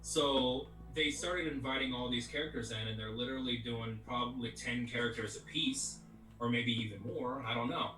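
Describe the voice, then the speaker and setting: A man's voice: mid-range voice, steady tone, moderate pace, pushed and bright, faint music behind. A man who works as a voice actor, guesting in a casual interview and talking at length in a loose, rambling way. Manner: rambling, peppered with "you know what I mean". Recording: roomy echo, distant from mic.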